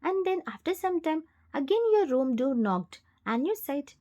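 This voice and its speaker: A woman narrating a fan fiction story in the second person with plain, steady reading. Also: high voice, normal speed.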